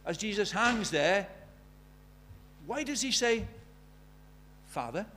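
Male preacher with a high voice, emphatic and questioning. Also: expressive, takes it slowly, a bit bright, slight background noise. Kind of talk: sermon.

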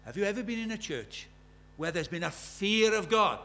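Male preacher, high voice, chatty sermon with questions to the pews, scripture read with rising force. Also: expressive, normal speed, fairly bright tone. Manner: conversational, asks the congregation many questions.

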